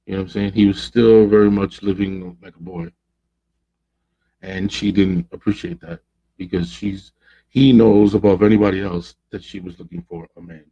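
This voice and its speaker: A man's voice: sits low, moderate pace, gravelly, slightly rough, highs cut off. A man hosting a podcast, telling a story in a casual, slangy way and acting out the people he quotes. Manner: animated, slangy, acts out quoted voices. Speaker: podcast host.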